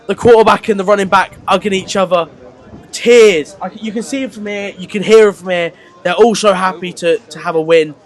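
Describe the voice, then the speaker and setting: A man commentating on a university football game, excited and repeating himself. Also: high-pitched, brisk. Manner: excited, repetitive. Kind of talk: sports commentary.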